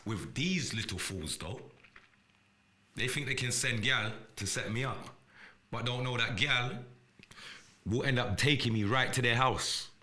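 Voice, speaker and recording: Defiant, profane man with a sharp voice. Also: medium pitch, a little slow, pauses often. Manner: profane, defiant, repetitive and threatening. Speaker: live podcast host. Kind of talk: confrontational livestream rant.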